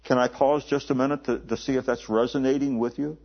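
A man preaching a sermon in a conversational way, often repeating words and slowing down to stress the scripture he quotes. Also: mid-range voice, fairly even intonation. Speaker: pastor. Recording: dull lo-fi recording.

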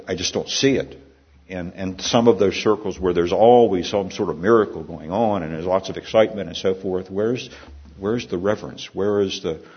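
Husky low-voiced man preaching a sermon. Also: highs cut off. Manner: conversational preaching with rhetorical questions and restarts. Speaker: pastor.

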